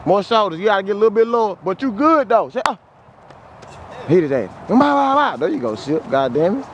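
A man's voice: high voice, very animated, brisk, muffled recording. A man coaching football drills outdoors, blunt and profane, calling out moves and sound effects. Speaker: football trainer. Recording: outdoor traffic noise.

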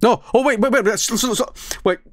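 A man's voice: extremely high pitch, fairly quick, a little hiss or hum. Swedish-accented man, playful streamer. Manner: playful, joking, laughing asides. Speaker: game streamer. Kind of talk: let's play commentary.

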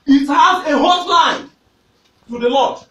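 A high-voiced Nigerian preacher delivers a fervent sermon that climbs into shouts and circles back on his own phrases. He sounds far from the microphone, and the big hall echoes around him. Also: slow pace, slight background noise. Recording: echoey, distant hall recording.

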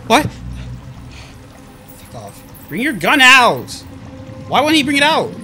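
A man commenting on his own horror game play, jumpy and foul-mouthed, talking to himself and shouting when scared. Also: extremely high pitch, big pitch swings, normal speed, soft background music. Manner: jumpy, profane, talks to himself. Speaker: gamer.

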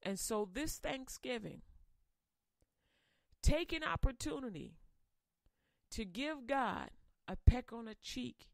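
Slow, impassioned woman preacher. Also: fairly high pitch, big pitch swings, vocal fry, no room sound, clean studio sound. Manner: impassioned, swinging between loud emphasis and quiet asides. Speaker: radio host and preacher. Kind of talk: sermon.

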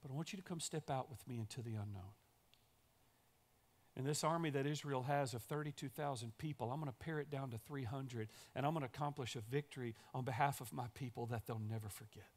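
A man voicing God as a calm, patient deity who speaks quietly and reassures. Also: medium pitch, pitched below the performer's own voice, close to an everyday voice. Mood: reassuring. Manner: quiet, gentle, unhurried reassurance.

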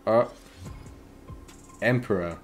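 A man's voice: fairly low pitch, takes it slowly, faint music behind. A young man commentating as he plays a horror game, chatty and easily startled, yelping at scares. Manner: jumpy, yelps and shouts at scares, says "yo" a lot. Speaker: gaming youtuber.

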